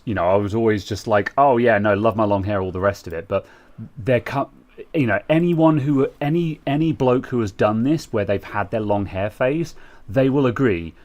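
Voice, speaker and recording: A man's voice: on the low side, normal speed. A young British man co-hosting a casual tech chat, rambling with lots of fillers and restarts. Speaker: co-host.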